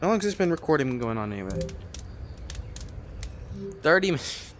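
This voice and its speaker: A man giving let's-play commentary, rambling and excitable, swearing often and talking to himself as he plays. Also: fairly high pitch, normal speed, long pauses, slight background noise. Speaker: gamer playing a cooking game.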